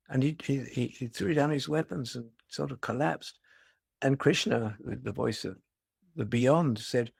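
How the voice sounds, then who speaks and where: Gravelly older man giving a dharma talk. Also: medium pitch, unhurried, no echo, studio quality. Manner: reflective, storytelling, gently humorous. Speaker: meditation teacher.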